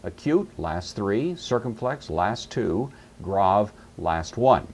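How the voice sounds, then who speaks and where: A middle-aged man teaching Greek grammar in a recorded lecture, explaining patiently step by step and repeating key words slowly. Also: fairly low pitch, lively intonation, darkish tone, breathy edge.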